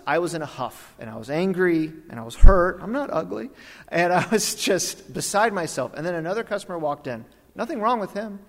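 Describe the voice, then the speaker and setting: Pastor preaching in a reverberant hall. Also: male voice, on the high side. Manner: animated, swings from loud to hushed. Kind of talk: sermon. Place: church auditorium. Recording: long reverb of a church hall.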